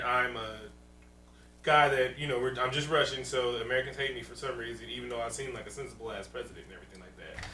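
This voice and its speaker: A man's voice: mid-range voice, pushed and bright, close to an everyday voice. A man casually voicing a sensible Russian president, jokey. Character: level-headed male Russian president. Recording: roomy, distant mic, faint hum.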